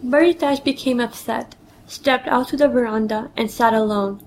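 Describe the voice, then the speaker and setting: A woman's voice: a little high, moderate pace, a little hiss or hum, low-quality recording. A woman reading a personal memoir story aloud, telling it plainly and quoting others in her own voice.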